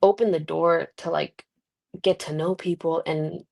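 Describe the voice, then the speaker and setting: A young woman talking in a casual interview, her voice sitting low with a gravelly fry. She tells lively stories, puts on voices for the people she quotes, and laughs often. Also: measured pace. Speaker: guest wrestler. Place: Mexico.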